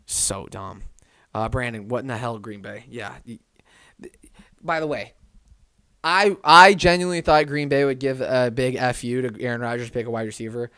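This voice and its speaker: A man's voice: medium pitch, steady tone, moderate pace. Young man ranting on a livestream. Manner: ranting, swinging between loud outbursts and muttered asides. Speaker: livestream host. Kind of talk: live draft watch-party stream commentary, reading chat.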